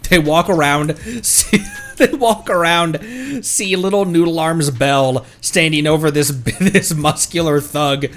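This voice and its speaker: A man's voice: fairly high pitch, slow pace, a bit bright. A male streamer reading game dialogue aloud in a playful way. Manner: playful, voices the characters.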